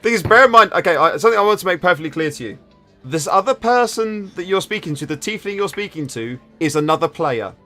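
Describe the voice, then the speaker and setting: Guy gm, a bit high voiced, stumbles and restarts a lot, faint music behind. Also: animated, bright, forceful tone. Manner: halting, many restarts while describing scenes. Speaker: game master. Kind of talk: narrating a tabletop game.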